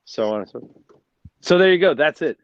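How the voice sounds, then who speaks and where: A man, a brewery owner, chatting as a guest and telling animated jokey stories over a phone. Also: fairly high pitch, a little fast, no room sound. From United States. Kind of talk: casual chat over a phone line. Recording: muffled dry phone-call audio.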